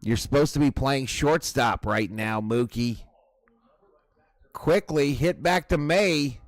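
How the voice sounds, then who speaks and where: A man's voice: mid-range voice, slow pace, no echo. A man hosting a live baseball watch-party stream, chatting casually with his viewers. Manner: chatty, addresses chat as "y'all".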